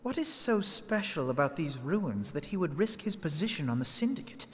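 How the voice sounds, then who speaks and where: A man's voice: a little high, very animated, normal speed. An actor playing a formal, earnest male ally in a game cutscene, with courteous, formal phrasing. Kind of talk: video game cutscene voice acting.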